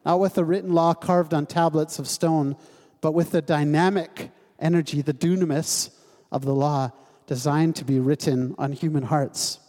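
A man gives a sermon in an easy, conversational way, now and then joking with the congregation and putting questions to them. His voice sits a bit high. Long reverb from the sanctuary trails after his words. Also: fairly even intonation, normal speed. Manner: conversational, gently humorous, asks the congregation questions. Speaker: pastor. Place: church sanctuary.

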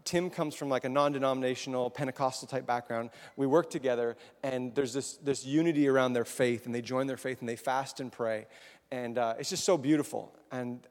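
A man giving a casual sermon to a congregation, chatty and questioning the audience. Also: medium pitch. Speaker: preacher. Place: large hall with congregation. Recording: long echoing hall reverb.

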